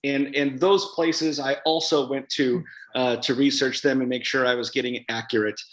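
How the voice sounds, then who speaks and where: A man's voice: medium pitch, fairly even intonation, moderate pace. A man, an author guest at a live event interview, talking in a chatty, rambling way with many fillers and restarts. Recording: roomy hall sound.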